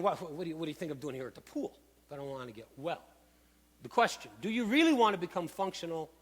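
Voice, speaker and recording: A man preaching a sermon, emphatic and animated, with dramatic asides. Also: on the high side, breathy edge. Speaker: pastor. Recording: long hall reverb.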